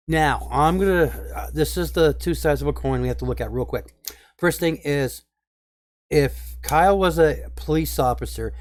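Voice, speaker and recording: A man's voice: medium pitch, no room sound. A man giving casual spoken commentary to his viewers, earnest and upset, stressing his points hard. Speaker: video commentator.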